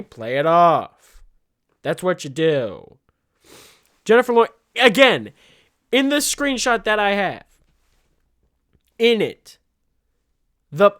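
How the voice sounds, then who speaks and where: Animated sarcastic young man. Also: high voice. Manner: animated, sarcastic, swears freely. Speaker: podcast host. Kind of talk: casual comedic commentary.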